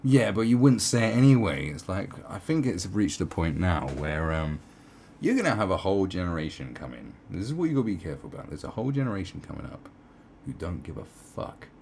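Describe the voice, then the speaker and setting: A man's voice: sits low, big pitch swings, fairly quick, gravelly, darkish tone, slight background noise. A man giving sarcastic, profane commentary as he reads an article aloud, with mocking asides. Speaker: online commentator.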